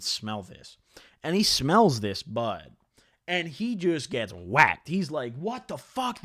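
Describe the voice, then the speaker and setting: Young male vlogger, lively swooping delivery, foul-mouthed and rambling, dry close sound. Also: medium pitch, no echo. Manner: animated, profane, rambling with many fillers. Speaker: vlogger telling a story. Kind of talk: casual storytelling to camera.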